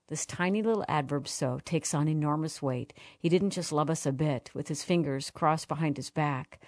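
A woman hosting a radio interview in a low voice. She speaks earnestly and reads aloud slowly and reflectively. The sound is dry and close. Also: a little mellow, dry recording. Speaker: host.

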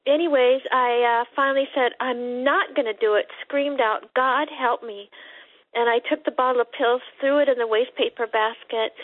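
A woman's voice: on the high side, no room sound. Woman telling her story over a tinny phone line. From Montana. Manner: halting, with many fillers. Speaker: guest on a recovery radio show.

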